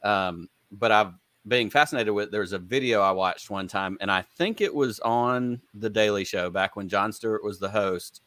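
A man's voice: fairly low pitch, normal speed, a bit bright, no room sound. A man hosting a podcast, chatting enthusiastically with a guest and telling rambling stories. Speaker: podcast host. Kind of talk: casual interview chat.

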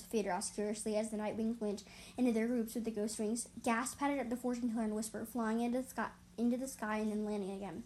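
A woman's voice: a little high, level tone, fast talker, mellow, poor audio. A woman reading a fantasy story aloud, stumbling and correcting herself as she goes. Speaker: story reader. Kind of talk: reading her own fan story aloud.

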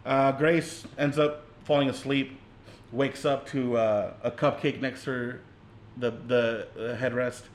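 A young man co-hosting a podcast, calmly retelling a film's scenes in casual speech with some swearing. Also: mid-range voice, measured pace, a little hiss or hum. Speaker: podcast co-host. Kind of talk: casual movie recap.

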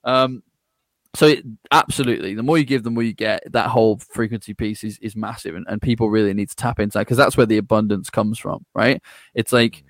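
A man talking as a podcast guest in a casual conversation. He is energetic, laughs often and acts out other people's replies. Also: fairly low pitch, brisk, dry recording, clean studio sound.

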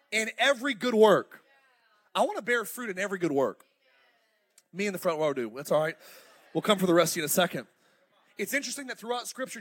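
A middle-aged male pastor preaching a fiery, animated sermon in a church auditorium, calling out to the congregation. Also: sits high. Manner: fiery, animated preaching with crowd call-outs.

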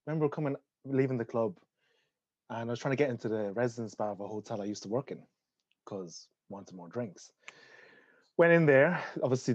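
A man's voice: mid-range voice, dry recording, muffled recording. Laughing Irish man telling a story. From Ireland. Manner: animated, laughing often, swearing. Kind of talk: casual storytelling.

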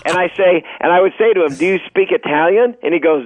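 A man's voice: high-pitched, fast, narrow, tinny audio, background noise. A man, a guest ventriloquist, telling stories in a casual radio interview and laughing often. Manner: animated storyteller, laughs often. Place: radio studio.

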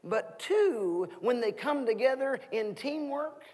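A man in his thirties preaching a sermon as guest minister, asking the congregation questions in an animated way. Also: very high-pitched, slow pace, long reverb tail. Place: church sanctuary.

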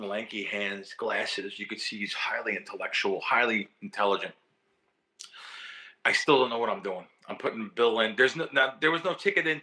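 Bright, excitable man telling stories. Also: fairly low pitch. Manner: animated, repeats and restarts words, emotional. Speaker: guest, professional sports bettor. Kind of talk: casual storytelling interview.

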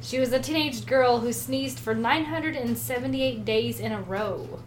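A woman with a high voice co-hosts a casual podcast. She quizzes and teases her partner, answering the jokes with dry reactions. Faint ambient noise hangs behind her. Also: normal speed. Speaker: podcast co-host. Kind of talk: casual chat.

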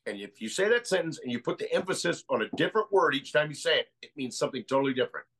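A man's voice: mid-range voice, lively intonation, very fast, a bit bright, slight background noise, rough recording. An American man as a podcast guest, talking casually and rambling through ideas with many restarts. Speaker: guest researcher.

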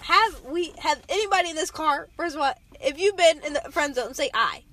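A young woman co-hosting a casual chat in a car, loud, blunt and profane, laughing often. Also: sits high, fairly quick, slight background noise. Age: young adult. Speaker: podcast co-host.

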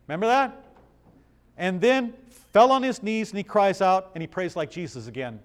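A man's voice: high-pitched, animated, normal speed. Conversational male pastor teaching scripture. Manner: conversational, asks the room questions, reads passages aloud. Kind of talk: Bible study sermon.

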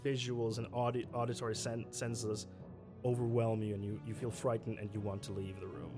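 A man running a tabletop game online as game master, who apologizes and laughs often and slows down to narrate scenes. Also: mid-range voice, little pitch movement, over music. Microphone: streaming setup.

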